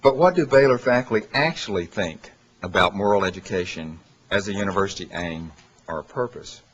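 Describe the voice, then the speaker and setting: A man giving an academic lecture from a handout, pausing often with fillers and correcting himself. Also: low-pitched, husky. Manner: halting, many "uh" fillers and self-corrections. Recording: dull lo-fi lecture recording.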